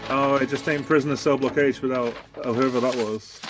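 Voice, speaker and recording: A man's voice: mid-range voice, fairly even intonation, fairly quick, over music. A man guesting on a podcast, joking sardonically in a casual chat. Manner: sardonic, jokey.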